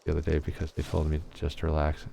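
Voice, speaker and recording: A very tired man streaming a game and chatting candidly with viewers in a soft-spoken, rambling way. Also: very deep voice, completely flat delivery, quick pace, vocal fry, slight background noise. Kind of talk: casual live-stream chat with viewers.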